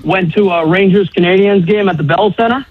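A man's voice: high-pitched, a little fast. A man calling in to a radio show, telling a story. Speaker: caller. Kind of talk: telling an anecdote on a phone-in. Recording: dull phone-in line.

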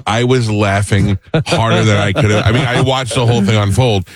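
A middle-aged man hosting a talk show, telling a funny anecdote in an animated way and mimicking the people in it. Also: on the low side, brisk, dry recording. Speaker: radio show host. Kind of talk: casual storytelling chat.

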